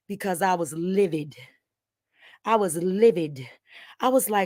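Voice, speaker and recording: A woman hosting her channel, ranting angrily at someone. She repeats herself, swears, and swings from low muttering to shouting. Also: measured pace, pauses often, no echo, studio quality. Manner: swears freely, addresses viewers directly. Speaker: channel host. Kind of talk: heated direct-to-camera rant.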